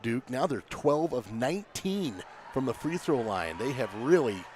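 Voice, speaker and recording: A man doing color commentary for basketball, relaxed and conversational as he breaks down play like a coach. His voice is mid-pitched, with faint noise behind it. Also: measured pace. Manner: conversational, coaching-minded, talks to his partner. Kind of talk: relaxed game analysis.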